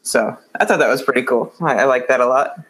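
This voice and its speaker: A man's voice: mid-range voice, brisk, a bit bright. A man co-hosting a casual podcast, rambling along with many likes and uhs. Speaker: podcast co-host.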